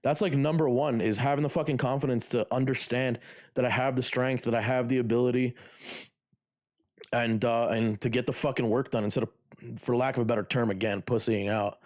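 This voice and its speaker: A man's voice: medium pitch, fairly even intonation, brisk, darkish tone. Rambling, profane streamer guy. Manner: rambling, profane, lots of fillers. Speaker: livestreamer and lifter. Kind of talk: casual livestream chat.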